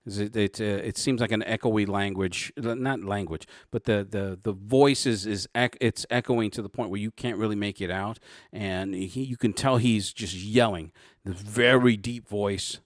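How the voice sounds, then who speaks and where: Give me a man with a lowish voice, game-mastering a tabletop game in a dry room with halting narration. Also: no room sound. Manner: halting, restarts often while describing scenes.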